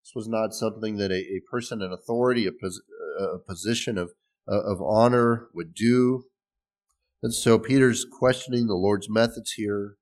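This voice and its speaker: A man's voice: on the low side, steady tone, moderate pace, a little mellow. Guy preaching a sermon, chatty and easygoing, stumbles and restarts now and then. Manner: conversational, with restarts and small laughs. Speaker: pastor.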